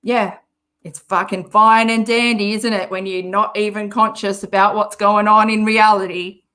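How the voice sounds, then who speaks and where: A woman's voice: mid-range voice, level tone, normal speed, sharp tone. An Australian woman hosting a commentary channel, reacting to a clip in a sarcastic, mocking way and swearing often.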